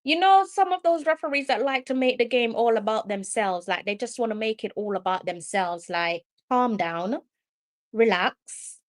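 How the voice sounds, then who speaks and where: A woman with a Jamaican accent hosting a live football watch-along, excitable and exasperated, slipping into patois. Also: a little high, normal speed. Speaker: live stream host.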